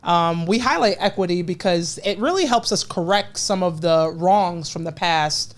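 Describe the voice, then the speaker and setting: A woman's voice: fairly low pitch, moderate pace. Upbeat woman co-hosting a podcast. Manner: upbeat, energetic, laughs often. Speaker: podcast co-host. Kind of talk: casual podcast chat.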